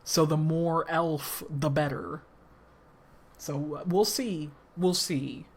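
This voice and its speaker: Low, slow-talking woman streamer. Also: fairly even intonation, slightly rough. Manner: rambling, swears casually, many restarts. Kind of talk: casual chat recapping a story.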